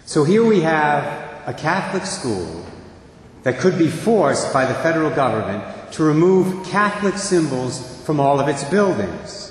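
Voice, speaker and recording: A man's voice: on the high side, big pitch swings, unhurried. A middle-aged man, a priest, giving a sermon in a church in an earnest, storytelling manner. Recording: echoey church with long reverb.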